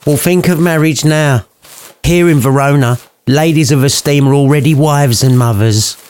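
A man's voice: fairly high pitch, moderate pace, darkish tone, smooth, pitched above the performer's own voice, close to an everyday voice. A man voicing a bossy, impatient noblewoman mother in a comic storybook retelling, formal and commanding.

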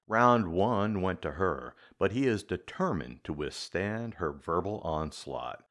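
A man hosting and narrating a scripted story in a measured, dramatic way. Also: deep voice, expressive, fairly bright tone. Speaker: host and narrator.

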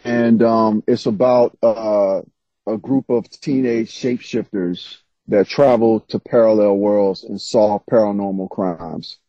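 An author appearing as an interview guest tells stories in a casual, animated way, laughing often. His voice is lowish and a little slow, and the dry recording sounds slightly dull and lo-fi.

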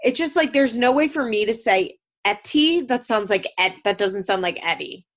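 A woman's voice: a little high, animated, normal speed. A woman chatting casually as a podcast co-host, giggly and full of fillers. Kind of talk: casual chat.

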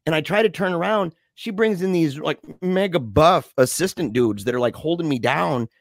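A man chatting casually on a podcast, telling a story in an animated, slangy way, often laughing and calling his friend dude. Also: on the high side, normal speed, vocal fry, no echo, studio quality.

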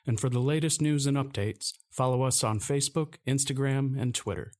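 A man's voice: medium pitch, a little fast, a little mellow. A man hosting a podcast, reading a plain, friendly outro. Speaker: podcast host. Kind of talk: scripted outro.

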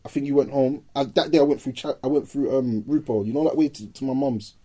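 A young man with a London accent, telling a story in casual chat and acting out the quoted shouts. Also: medium pitch, fast. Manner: animated, acts out shouted quotes.

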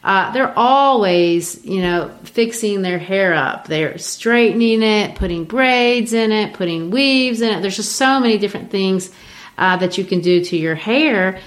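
A woman from Brazil talking casually about a play, retelling scenes in a lively way with frequent fillers. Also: medium pitch, unhurried. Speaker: co-host discussing a play. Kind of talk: casual literary discussion.

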